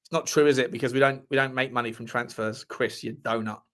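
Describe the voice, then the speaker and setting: A man's voice: mid-range voice, steady tone, fast talker, a bit bright. A man hosting a football fan livestream, reading articles aloud with cheeky asides and repeating his phrases. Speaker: host of a football fan show. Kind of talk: casual livestream chat reading transfer news.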